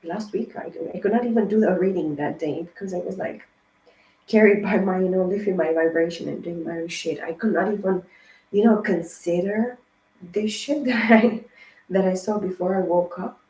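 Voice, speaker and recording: Mellow-voiced woman giving a rambling tarot reading. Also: medium pitch, normal speed. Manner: rambling, emphatic and profane. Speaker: tarot card reader. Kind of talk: casual tarot reading monologue. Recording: roomy echo.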